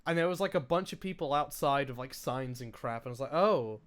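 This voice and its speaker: A man's voice: medium pitch, fast, clear, resonant tone. A young man co-hosting a podcast in casual chat, rambling, swearing and laughing at his own slips. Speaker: podcast co-host.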